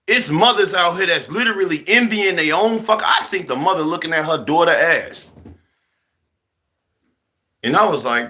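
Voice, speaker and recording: Young man, profane heated rant, bright, lively pitch. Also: moderate pace, long pauses. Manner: animated, heated, swearing, acts out other people. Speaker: vlogger. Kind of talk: profane ranting monologue.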